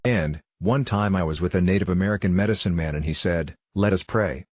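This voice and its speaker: A man being interviewed over a video call from home, telling stories in a relaxed, wry, self-deprecating way. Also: sits low, quick pace, no room sound, studio quality. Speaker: interview guest. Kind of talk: relaxed storytelling in a conversational interview.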